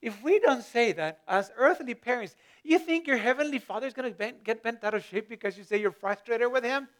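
A man's voice: very high voice, expressive, brisk. A male pastor giving a conversational sermon, often repeating words as he searches for them and lifting his voice for emphasis.

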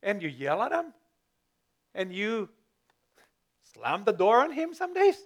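High-voiced male pastor preaching. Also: wildly swooping pitch, slow. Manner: conversational, repeats words when searching, voice rises for emphasis. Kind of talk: sermon.

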